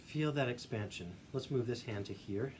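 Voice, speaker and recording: A male voice teacher calmly guiding a singing warmup, giving encouraging instructions. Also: medium pitch, moderate pace. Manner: demonstrates hums and vocal sounds. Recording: faint background noise.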